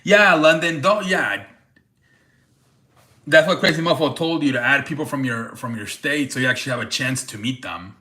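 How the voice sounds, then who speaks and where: A man's voice: mid-range voice, normal speed, pushed and bright. A man hosting a casual livestream, chatting loosely with cursing and laughter and greeting viewers by name. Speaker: livestream host.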